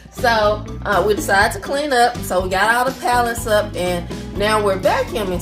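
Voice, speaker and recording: A woman casually telling a family story at home in her kitchen. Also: fairly high pitch. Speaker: farm wife, mother.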